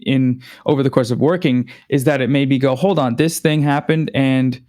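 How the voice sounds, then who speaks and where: A man appearing as a guest, talking in an earnest, reflective, somewhat halting way in casual conversation. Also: mid-range voice, fairly even intonation, a little mellow.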